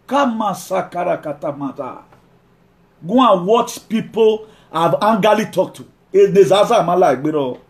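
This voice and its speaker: A man preaching a sermon, emphatic, repeating key lines and slowing down to read scripture. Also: high-pitched.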